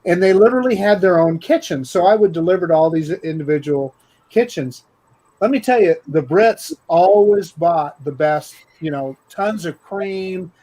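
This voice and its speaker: A man chatting casually on a live stream, quick and curious about expressions. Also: sits high, dark tone. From United States.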